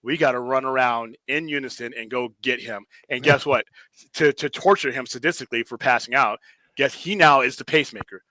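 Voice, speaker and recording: A man casually telling army stories, animated and profane, acting out the voices of the people he quotes. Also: medium pitch, brisk, no echo, rough recording. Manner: animated, profane, acts out quoted drill sergeants. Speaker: podcast host. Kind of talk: casual storytelling chat.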